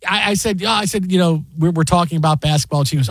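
A man in his fifties hosting a casual talk show, telling stories in an animated way with many restarts. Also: fairly high pitch, very fast, no room sound. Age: 50s. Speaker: show host. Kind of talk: casual chat.

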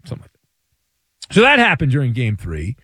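A man hosting a sports talk radio show, delivering a playful, hyperbolic monologue with dramatic pauses. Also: mid-range voice, huge pitch swings, sharp tone, husky, dry recording, clean studio sound.

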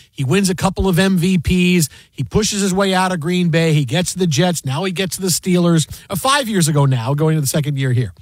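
A man hosting a sports radio show, telling stories in a casual, animated way and breaking into loud sung and shouted bits. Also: high-pitched, no room sound. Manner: animated storyteller, loud sing-song impressions.

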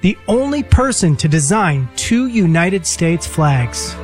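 A man's voice: high-pitched, big pitch swings, takes it slowly, music in the background. A man reading scripted narration for a radio story segment.

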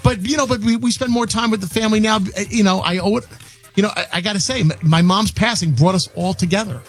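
A man's voice: sits high, fast talker, faint music behind. A man chatting casually on a radio show, stumbling and repeating words as he talks about his family. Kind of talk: casual chat.

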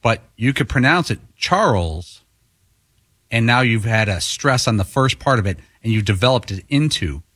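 A man's voice: mid-range voice, lively intonation, moderate pace, a bit bright, no echo, studio quality. A man on a radio crew explaining things in a matter-of-fact way. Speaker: show crew member. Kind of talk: casual studio banter.

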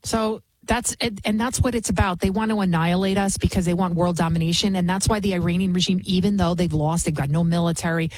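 A woman's voice: fairly low pitch, steady tone, quick pace, few pauses, a little mellow, dry recording, low-quality recording. A woman hosting a political commentary show, talking fervently and emphatically, often restarting her sentences. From United States.

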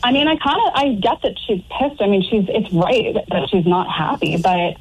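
A woman's voice: mid-range voice, very animated, normal speed, low-quality recording. Female caller, casual and defensive, slight line noise. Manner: defensive, chatty storytelling. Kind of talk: casual phone-in story.

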